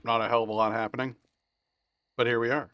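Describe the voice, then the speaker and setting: A man streaming a video game live, chatting casually and rambling as he plays, swearing freely and laughing loudly at chat. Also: medium pitch, flat delivery, quick pace, clean tone, no echo, lo-fi sound. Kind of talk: live gameplay commentary.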